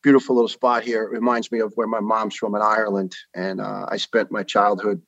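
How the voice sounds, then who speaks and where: A man in his fifties with a New York accent, a podcast guest telling stories earnestly with many pauses and uhs. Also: lowish voice, little pitch movement, creaky, fairly bright tone, no room sound, muffled recording. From New York City. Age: 50s. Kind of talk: casual interview talk.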